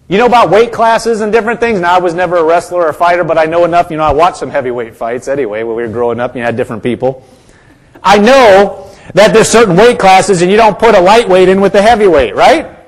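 Male pastor preaching, emphatic, repeats his points, slightly higher voice. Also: fast talker. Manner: emphatic and repetitive, calls for congregation responses. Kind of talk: sermon.

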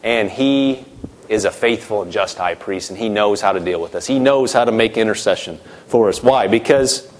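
A middle-aged man preaching a sermon, emphatic, his voice rising and dropping sharply as he acts out quoted voices. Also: mid-range voice.

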